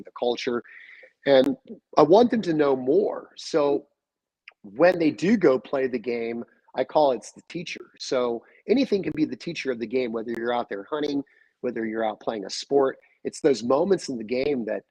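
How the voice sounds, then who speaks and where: A man's voice: medium pitch, husky, no echo, rough recording. A man talking casually as a guest, telling stories and acting out the quoted back-and-forth. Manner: animated storyteller, acts out quoted dialogue. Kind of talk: casual chat. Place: call-in or remote line.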